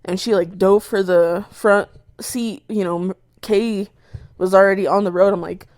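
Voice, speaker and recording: A young woman on a podcast tells a story in a loose, animated way. She curses freely and bursts into the shouted lines she is quoting. Her voice is mid-pitched, recorded close and dry, with no room sound. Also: moderate pace, dry recording. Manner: animated retelling, swears a lot, acts out her own shouts. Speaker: podcast co-host. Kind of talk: casual storytelling chat.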